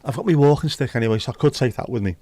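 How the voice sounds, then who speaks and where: A man's voice: medium pitch, rapid-fire, dark tone. Blunt chatty British man. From United Kingdom. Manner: chatty and blunt, swears freely. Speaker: livestream host. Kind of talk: casual chat.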